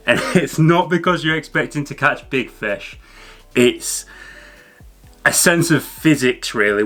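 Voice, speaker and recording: A man's voice: mid-range voice, sharp tone. A man hosting a fishing channel, explaining gear in a chatty, casual way to camera. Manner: chatty, loose with fillers and restarts. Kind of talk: casual educational talk to camera.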